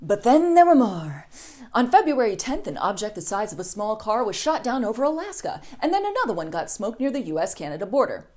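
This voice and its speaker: A woman's voice: medium pitch, big pitch swings, fast, few pauses. A woman hosting a comedic news show, reading a scripted monologue with sarcastic jokes. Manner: sarcastic, with mocking voices for quotes.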